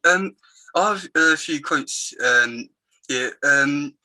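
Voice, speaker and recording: A man interviewing, asking his questions hesitantly with many pauses. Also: fairly high pitch, sharp tone, rough recording.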